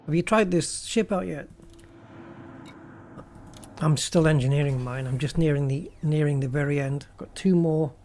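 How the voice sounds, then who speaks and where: A man with a mellow, slightly raised voice talks his way through gameplay. He thinks aloud in a loose, chatty commentary. A faint hum sits behind him. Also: fairly high pitch, normal speed, pauses often. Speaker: gaming channel host.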